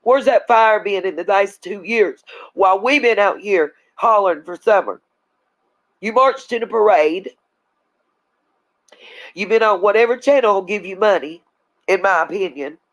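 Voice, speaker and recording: A woman's voice: medium pitch, normal speed, pauses often, low-quality recording. A woman hosting a livestream, talking bluntly in a heated rant. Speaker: channel host. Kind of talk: livestream commentary.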